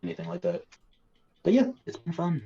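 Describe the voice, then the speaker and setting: A man co-hosting a casual livestream, talking in a relaxed, chatty way. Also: on the high side, fairly quick, gravelly, breathy edge, lo-fi sound. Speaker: show co-host.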